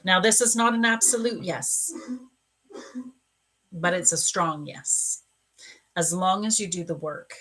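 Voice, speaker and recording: A woman's voice: lowish voice, slow, long pauses. A woman psychic medium giving a live-stream card reading, gushing and emotional as she talks to a viewer. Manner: gushing, emotional, warm-hearted talk.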